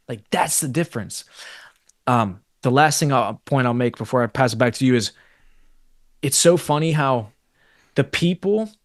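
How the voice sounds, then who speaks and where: A man's voice: mid-range voice, no room sound, clean studio sound. A man co-hosting a live stream, giving fired-up, profane motivational business talk. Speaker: co-host.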